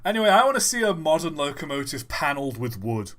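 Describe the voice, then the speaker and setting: A man's voice: a little high, sing-song, quick pace, fairly bright tone. A young man co-hosting a livestream, chatting casually in a rambling, enthusiastic way that keeps breaking off and restarting. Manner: rambling, enthusiastic, self-interrupting. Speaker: livestream co-host.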